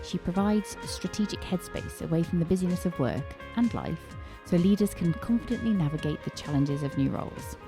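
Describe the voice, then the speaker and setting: Woman, podcast co-host, lowish voice, scripted intro, music underneath. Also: a little fast. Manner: even, reading.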